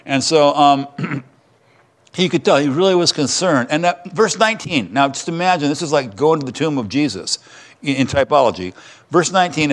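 A man's voice: a little high, animated, normal speed, pauses often. A man preaching a sermon in a conversational, storytelling way, with joking asides. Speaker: pastor.

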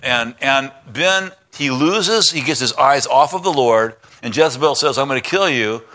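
A man preaching a sermon, retelling scripture with voiced parts, dropping to a hush for God and rising high for Elijah. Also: expressive, normal speed. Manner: drops to a hushed voice for God's lines, climbs high for Elijah's complaints. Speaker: pastor.

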